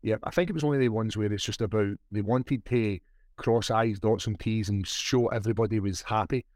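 A man's voice: lowish voice, a little fast, a little mellow, no echo, clean studio sound. A man with a Scottish accent co-hosting a podcast, chatting casually and swearing freely. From Scotland. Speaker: podcast co-host. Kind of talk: casual chat.

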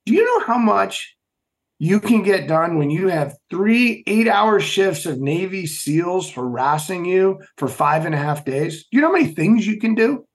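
A middle-aged man telling stories as an interview guest, emphatic and animated, often asking rhetorical questions. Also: high voice, normal speed. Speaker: podcast guest, former Navy SEAL. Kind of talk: storytelling interview.

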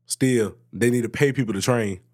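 A man co-hosting a podcast, telling a story about work in a casual, swearing, animated way. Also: normal speed. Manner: animated storytelling, swears freely, jumps high in pitch when excited. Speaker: podcast co-host. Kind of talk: casual chat.

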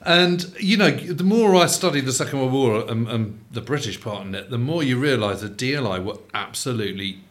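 A man hosting a relaxed interview, chiming in with short agreements and eager asides. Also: medium pitch, a little fast, hardly any pauses. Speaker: podcast host. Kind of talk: casual interview chat.

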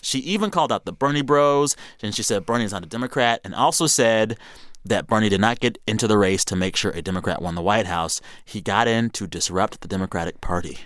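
A man hosting a podcast, chatting through the week's news in a playful, animated way and laughing easily. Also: fairly low pitch, brisk, no echo, clean studio sound. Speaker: podcast host. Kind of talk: casual news roundup chat.

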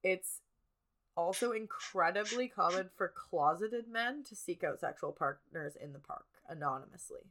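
A stuffy-nosed woman co-hosts a true-crime podcast and works through the case from her notes in a relaxed, chatty way. Her voice is bright and forceful and sits a little low for a woman. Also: moderate pace. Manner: narrating case details from notes. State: congested. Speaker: podcast co-host. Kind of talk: casual true-crime chat.

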